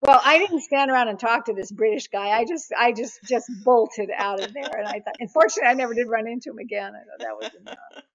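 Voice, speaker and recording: Woman guest, lively storyteller, slightly high voice, muffled dry recording. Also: quick pace, no echo. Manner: animated, acts out voices in her anecdotes. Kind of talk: storytelling in a casual interview. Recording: dull, dry, lo-fi sound.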